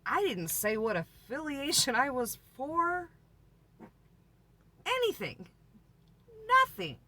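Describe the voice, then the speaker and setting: A woman's voice: high voice, big pitch swings, a little slow, pushed and bright. A woman RV vlogger telling a story in a chatty, laughing, exaggerating way. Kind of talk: story time vlog.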